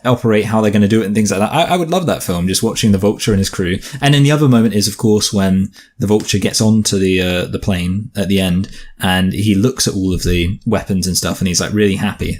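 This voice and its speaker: A man with a fairly low voice co-hosting a relaxed film review chat. He thinks aloud as he goes, piling up fillers and restarts while he works through his points.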